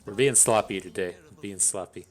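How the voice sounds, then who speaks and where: A man's voice: lowish voice, a little fast, faint music behind. A man thinking aloud as he commentates his own card game, swearing freely and grumbling between plays. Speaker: gameplay commentator. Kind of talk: casual gameplay commentary.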